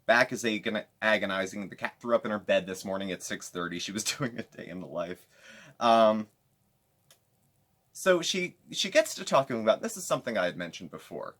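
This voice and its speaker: Lively, sarcastic man with a low voice. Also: normal speed. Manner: animated, sarcastic asides. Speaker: commentary channel host. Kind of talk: casual commentary recapping another creator's videos.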